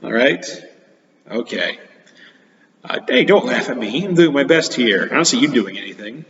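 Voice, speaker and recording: A playful man reads a storybook aloud to children. His bright voice rises and falls in a lively way. The recording is dull and lo-fi, with a long hall echo. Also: medium pitch, normal speed. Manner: playful, chatty, expressive when reading. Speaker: teacher reading to children. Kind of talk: storybook read-aloud for kids. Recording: echoey hall, dull lo-fi sound.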